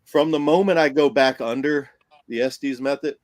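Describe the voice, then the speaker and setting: A man, a paranormal investigator, telling a story on a podcast in a casual, animated way, acting out what people said and laughing often. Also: medium pitch, moderate pace, no room sound.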